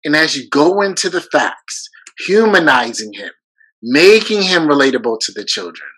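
A man co-hosting a podcast, talking through classroom ideas in an earnest, casual way. His voice is bright and forward. He often breaks off and restarts mid-thought as he works out what to say. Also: a little high, sing-song, moderate pace, breathy edge, poor audio. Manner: earnest, thinks aloud with restarts. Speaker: podcast co-host, teacher. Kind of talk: casual conversation.

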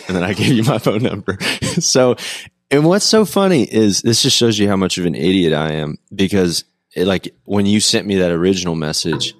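A man's voice: low voice, no room sound, clean studio sound. A man hosting a podcast interview, laughing often and talking in a loose, self-deprecating way. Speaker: podcast host. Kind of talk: casual interview chat.

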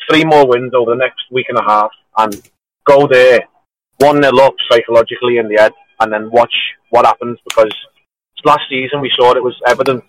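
A man's voice: mid-range voice, a bit bright, low-quality recording. A man calling in to a football show while driving back from the match, giving his enthusiastic analysis in short clauses. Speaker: caller. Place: car, driving.

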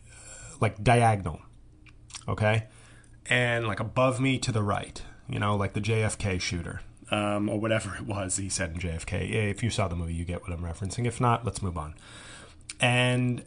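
A man hosting a podcast, telling a rambling comic monologue full of tangents, fillers and restarts. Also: on the low side. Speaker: podcast host. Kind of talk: comedic monologue.

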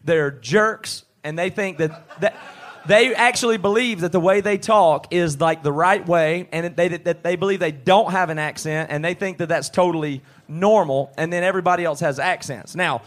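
A man with a Southern US accent, co-hosting a live podcast in a pub and riffing in an animated, ranting way. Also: a little high, moderate pace. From southeastern United States. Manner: animated, ranting comic riff. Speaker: podcast co-host. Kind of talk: live podcast banter in front of a crowd. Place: pub stage. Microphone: handheld mic.

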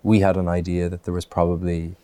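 A man's voice: deep voice, flat delivery, brisk, warm tone. A man from Ireland, an actor, answering interview questions in a thoughtful way, with many restarts and fillers.

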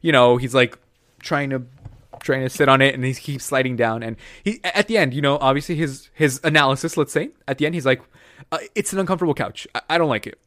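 Fast-talking ranting young man. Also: medium pitch, a bit bright, dry recording. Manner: ranting, profane, acts out quoted characters. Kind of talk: casual podcast chat.

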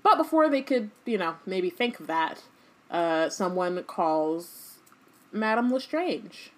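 A woman with a lowish voice in a relaxed book-talk conversation. She reads passages aloud and keeps breaking off into playful asides. Her delivery is animated and jokey. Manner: animated, jokey, slips into quick character voices. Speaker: podcast co-host reading and discussing a book. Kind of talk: casual chat mixed with reading aloud.

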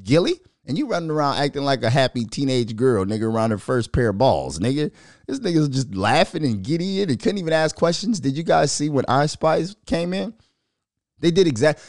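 A man hosting a podcast, ranting in a profane, animated, mocking way and laughing between remarks. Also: on the high side, normal speed, dry recording, studio quality. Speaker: podcast host. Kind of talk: casual commentary rant.

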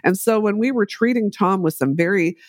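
A middle-aged woman telling a story as an interview guest, measured and explanatory, with frequent fillers. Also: mid-range voice, no room sound, clean studio sound. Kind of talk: conversational interview.

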